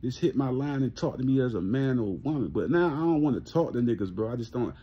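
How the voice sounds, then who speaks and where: A man's voice: medium pitch, lively intonation, fast talker, husky, dull audio. A man ranting casually to camera, blunt and profane, often repeating himself and laughing. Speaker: vlogger.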